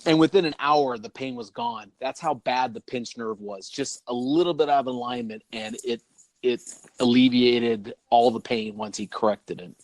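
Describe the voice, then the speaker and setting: A man co-hosts a podcast, rambling through casual chat and laughing often. His voice is medium-pitched at a moderate pace, with no room sound.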